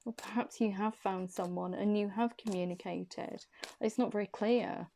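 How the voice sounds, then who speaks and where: A woman's voice: mid-range voice, fairly even intonation, moderate pace, creaky, mellow, a little hiss or hum. A woman giving an intuitive tarot reading, short of breath, hesitant and often repeating her questions. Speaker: tarot reader.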